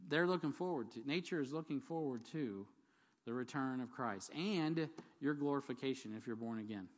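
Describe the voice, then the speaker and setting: A man's voice: medium pitch, moderate pace. A man preaching a sermon in a conversational, jokey way, asking the congregation questions and reading scripture aloud. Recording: long hall reverb.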